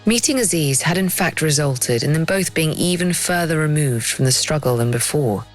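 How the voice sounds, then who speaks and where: A woman giving scripted documentary narration in a measured, dramatic storytelling manner. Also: low-pitched, animated, soft background music.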